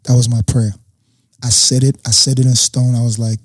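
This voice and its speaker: A man's voice: mid-range voice, fairly quick, slightly rough, dry recording. A young man, a guest, telling a personal story in casual talk and acting out what people said. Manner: animated storyteller acting out quotes.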